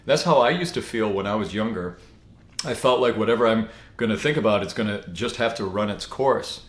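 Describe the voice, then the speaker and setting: A man giving a casual spoken teaching, relaxed and rambling, with many fillers and restarts. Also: lowish voice, a little fast. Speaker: spiritual teacher. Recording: echoey room.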